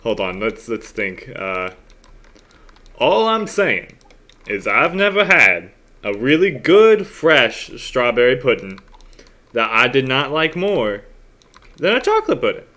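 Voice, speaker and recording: A man's voice: mid-range voice, slow, long pauses. A man playing in a tabletop game, chatting in a casual, joking way. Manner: lively, joking. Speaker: player. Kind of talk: casual chat.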